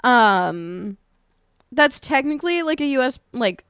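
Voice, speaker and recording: A woman's voice: sits high, big pitch swings, takes it slowly, fairly bright tone, smooth, no echo, clean studio sound. A woman live streamer chatting casually with her viewers, playful and profane.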